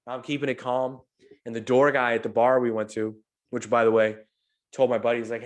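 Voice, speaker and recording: Medium-pitched and quick-talking, a male podcast host from St. Louis, USA, recounts a long party story loaded with swearing. He keeps it conversational and lively, voicing the lines people said.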